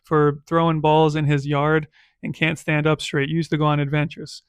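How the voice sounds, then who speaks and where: A man's voice: fairly high pitch, flat delivery, normal speed, clean tone, no echo, studio quality, lightly acted. A man voicing a brash, skeptical young female stand-up comic who talks incredulously.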